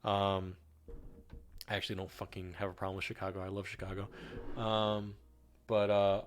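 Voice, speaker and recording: Faint music runs behind a young streamer from the northern US who chats casually while painting live, rambling with lots of fillers and free swearing. He speaks fairly quickly in a low-leaning voice with a level tone.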